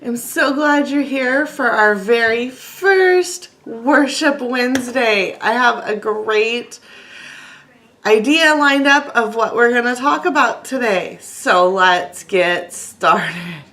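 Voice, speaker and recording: A woman's voice: fairly high pitch, takes it slowly, fairly bright tone. A woman in her thirties hosting a casual devotional talk, telling a personal story earnestly and reading scripture aloud. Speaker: channel host.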